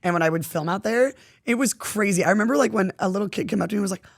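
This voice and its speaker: A young woman talking quickly in a mid-pitched voice, loose and casual as she chats on a podcast. She is animated and slangy and swears without a second thought. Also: vocal fry. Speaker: podcast guest. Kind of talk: casual chat.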